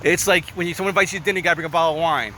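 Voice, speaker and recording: A man's voice: fairly high pitch, racing, pushed and bright, slight background noise. A middle-aged man from Maine hosting a podcast in casual chat, laughing often at his own jokes. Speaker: podcast host.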